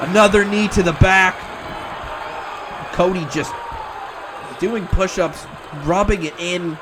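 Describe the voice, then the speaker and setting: A man calling wrestling play-by-play, excitable and breaking into shouts at near-falls. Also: high voice, slow, crowd noise, background noise. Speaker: wrestling commentator. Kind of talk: play-by-play commentary.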